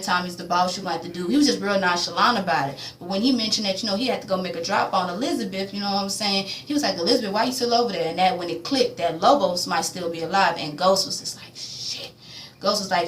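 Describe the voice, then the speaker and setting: Woman doing a slangy, animated TV recap. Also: medium pitch, reverberant, a little hiss or hum. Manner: animated, slangy, acts out quotes. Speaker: TV recap vlogger. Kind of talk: casual recap chat.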